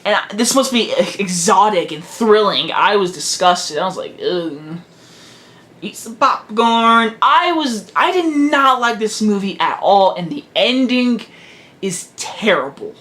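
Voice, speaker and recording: A teenage guy with a fairly high voice rants through a casual video movie review. He is blunt and emphatic, and he keeps circling back to hammer the same harsh verdict. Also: animated, unhurried, sharp tone. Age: teens.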